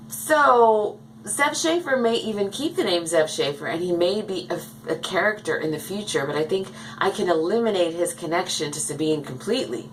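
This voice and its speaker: A woman's voice: low-pitched, fairly bright tone, a little hiss or hum, rough recording. A woman chatting casually to the camera in a rambling way as she shows her dolls at home. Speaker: doll collector vlogger. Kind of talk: casual chat. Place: home, indoors.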